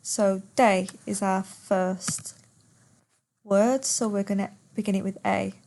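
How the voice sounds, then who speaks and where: A woman's voice: medium pitch, fairly even intonation, slow pace, vocal fry, darkish tone. A woman teacher in a poetry lesson who reads verse aloud and patiently repeats words to count their syllables.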